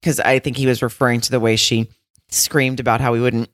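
A chatty woman co-hosting a podcast, her speech full of fillers as she recaps and reacts. Her voice is unusually deep for a woman. The sound is dry and close. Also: level tone, brisk, dry recording. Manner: chatty, hesitant with fillers, mimics others in high squeaks. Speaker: podcast co-host. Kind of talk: casual chat.

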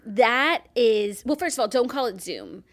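A woman's voice: fairly high pitch, lively intonation, unhurried. A young woman co-hosting a podcast, chatting casually and now and then drawing out a word to tease. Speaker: podcast co-host. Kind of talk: casual chat.

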